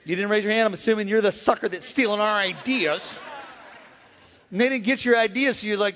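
A male pastor preaching an animated sermon, rousing his listeners to answer back and acting out voices as he goes. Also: high-pitched, fairly quick. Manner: animated, call-and-response, acts out voices. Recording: echoey hall.

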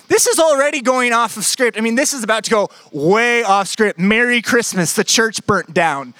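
Young pastor, jokey animated sermon storytelling, dry close sound. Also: male voice, very high voice, no room sound.

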